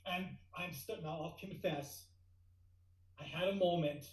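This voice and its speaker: A middle-aged man telling a tall tale as a guest speaker, lively and building to excited outbursts. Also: high-pitched, measured pace, echoey room, rough recording.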